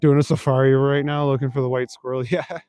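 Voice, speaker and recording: A young male streamer ambles through nighttime city streets, casually reading comments aloud and answering them in a chuckling, filler-heavy ramble. The mid-range voice is darkish yet clean, with little pitch movement and a slightly fast pace, recorded dry.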